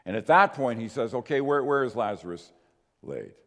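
A man's voice: medium pitch, expressive, normal speed, a bit bright. Earnest preaching man in a reverberant hall. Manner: earnest, emphatic preaching with rises and drops. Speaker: pastor. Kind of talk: sermon.

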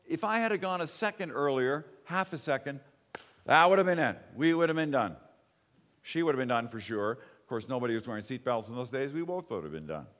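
An older man preaching a sermon in a church, telling a personal story in a folksy way that swings between loud and soft. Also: mid-range voice, in a large hall. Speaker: pastor. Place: church sanctuary.

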